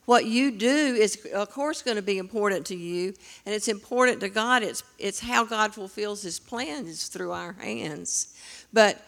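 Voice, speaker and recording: Lady in her 70s preaching, earnest and steady, quotes scripture. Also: mid-range voice, measured pace, vocal fry. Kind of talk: sermon.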